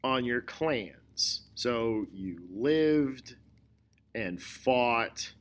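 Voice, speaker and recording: Slow, deliberate male history teacher. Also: medium pitch, lively intonation. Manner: slow, deliberate explaining with repetition. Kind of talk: recorded history lecture.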